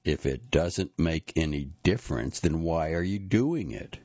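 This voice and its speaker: A man's voice: a bass voice, expressive, unhurried, darkish tone, no echo, lo-fi sound, heavily acted. A man reading an audiobook, voicing a grown son who sounds incredulous and accusing toward his mother.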